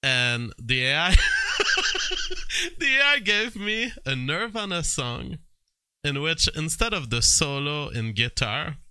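A man talks to his live-stream viewers about AI-made songs, often laughing and playfully mimicking sounds. His voice is smooth and resonant, with a dry, close sound free of room echo. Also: on the high side, sing-song, takes it slowly, bright, forceful tone. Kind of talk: live-stream commentary, reading chat aloud.

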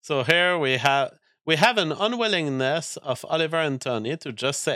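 A man's voice: fairly high pitch, expressive, moderate pace, few pauses, sharp tone, dry recording, studio quality. A man streaming, reacting to clips with profane rants. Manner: ranting, profane.

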